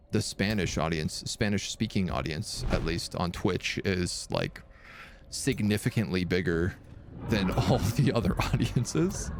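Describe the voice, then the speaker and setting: Low, gravelly-voiced man streaming a game. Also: background noise. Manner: chatty, rambling, laughs often. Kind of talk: live gameplay commentary and storytelling.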